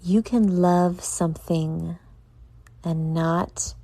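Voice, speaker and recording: A woman's voice: lowish voice, fairly even intonation, drawn-out words, mellow, no room sound. A tired, yawning woman hosting a casual solo podcast, earnestly motivating her listeners and speaking to them directly. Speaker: podcast host.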